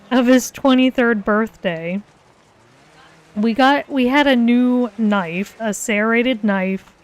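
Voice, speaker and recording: A young woman casually telling a story on a live stream, laughing often as she talks. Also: mid-range voice. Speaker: co-host of art and gaming stream.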